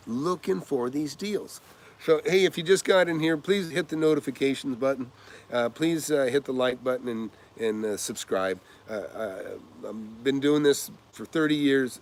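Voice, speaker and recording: An older man talking casually about investing, energetic and rambling, with frequent uhs and acted-out quotes. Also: medium pitch. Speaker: real estate investor. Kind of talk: casual advice monologue with anecdotes.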